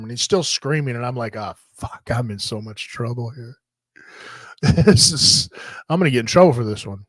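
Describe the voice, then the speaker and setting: A man's voice: mid-range voice, a bit bright, dry recording. A man hosting a talk show, telling a story in a casual, profane and jokey way. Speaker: host.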